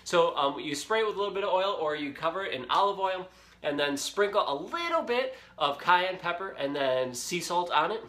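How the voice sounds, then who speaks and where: A young man hosts a casual live cooking show, chatty and upbeat as he talks straight to his viewers. His voice sits a little high and comes across bright and forceful. The kitchen is echoey, with a faint sizzle behind him. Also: lively intonation, fairly quick. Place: home kitchen.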